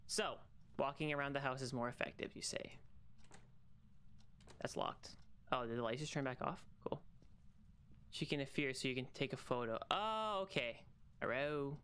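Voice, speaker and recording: A young man streaming a solo horror game, chatting and teasing, calling out to the ghost in a singsong and bursting into high excited shouts. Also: moderate pace, pauses often, a little hiss or hum. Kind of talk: solo gaming livestream.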